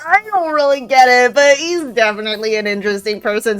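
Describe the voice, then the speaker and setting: A young woman riffing casually on a livestream, slangy and quick to laugh, with a voice that sits a touch high. Faint music plays underneath. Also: fairly even intonation, smooth. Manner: chatty, joking, slangy, laughs often. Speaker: streamer. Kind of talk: casual let's-play commentary, reading a visual novel aloud.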